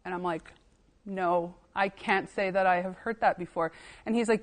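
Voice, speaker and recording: A woman archivist tells anecdotes in a relaxed podcast chat. She animatedly acts out the callers and visitors she is quoting and slips in an occasional laugh. Her tone stays casual and conversational throughout. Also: mid-range voice, moderate pace. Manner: animated anecdotes, acting out quoted dialogue, laughing. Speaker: assistant archivist, podcast guest. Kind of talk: casual storytelling interview.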